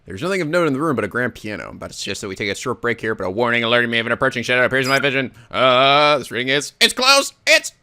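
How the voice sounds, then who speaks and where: A man hosting a let's play, reading the game's text aloud with animated, laughing asides. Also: mid-range voice, racing, hardly any pauses, smooth.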